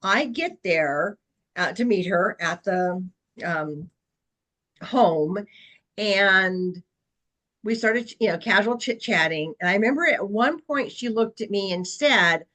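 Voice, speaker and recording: A woman's voice: mid-range voice, expressive, takes it slowly, a bit bright, low-quality recording. A woman real estate agent presenting a webinar session, telling a long client story in an earnest, anecdotal way with frequent fillers.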